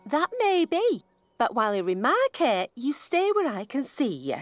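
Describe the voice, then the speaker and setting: A fussing, motherly hedgehog in a cartoon. She scolds in a high, lively voice at an unhurried pace, with music underneath. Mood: scolding.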